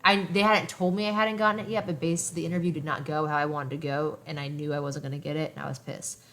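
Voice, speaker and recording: A woman's voice: deep voice, fairly even intonation, quick pace, a bit bright. A young woman in her late twenties hosting a candid podcast conversation, telling stories bluntly with plenty of swearing. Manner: blunt, profanity-laced storytelling. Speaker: podcast host.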